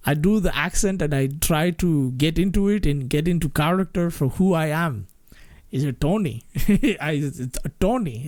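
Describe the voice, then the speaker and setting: A male streamer chatting casually, rambling and cursing, breaking into laughs now and then. His voice is fairly high for a man, and the sound is dry and close. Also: a little slow, darkish tone, no echo. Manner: rambling, swearing, often laughing.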